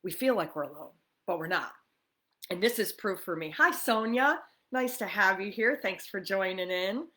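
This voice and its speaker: A chatty woman from New York hosts a relaxed morning livestream, greeting viewers by name as they arrive. Her voice has a bright, forceful edge, sitting at an ordinary middle pitch. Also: normal speed. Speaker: livestream host. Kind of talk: casual livestream chat.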